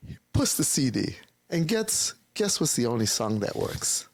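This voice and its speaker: Guy telling his own story on an interview, gravelly and husky, keeps jumping into other people's voices, dry close sound. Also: medium pitch, very animated, measured pace, no room sound. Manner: rambling storytelling, acting out quoted voices. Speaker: interview guest. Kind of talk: casual personal testimony.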